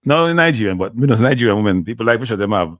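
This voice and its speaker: A man with a Jamaican accent hosting a casual live stream, teasing and animated, often repeating himself. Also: fairly low pitch, rapid-fire, dry recording, studio quality. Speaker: show host.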